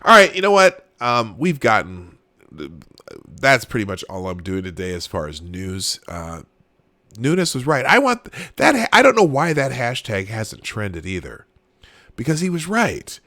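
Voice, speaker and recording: With a sharp, mid-range voice full of big pitch swings, a forties-aged man hosts a casual live show at a measured pace, talking directly to chat viewers. He rambles, restarts often and laughs at his own jokes; the recording is dry.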